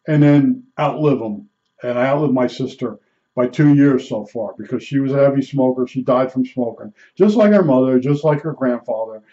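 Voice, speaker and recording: A man's voice: mid-range voice, warm tone, lo-fi sound. A man in his seventies talking through his stories in a rambling, self-correcting way. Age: 70s. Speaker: retiree telling stories. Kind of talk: rambling personal monologue.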